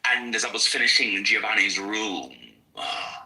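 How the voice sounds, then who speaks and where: A man's voice: fairly low pitch, normal speed, sharp tone, distant mic, poor audio. A man doing an impression of a theatrical older male writer with a put-on mid-Atlantic accent.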